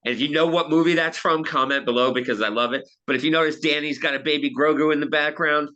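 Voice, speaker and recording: A man co-hosts a casual podcast, joking and swearing freely. His voice is bright and forceful and sits a bit higher than most men's. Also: fairly even intonation, fast talker, lo-fi sound. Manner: joking, profane. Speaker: podcast co-host. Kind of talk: casual chat.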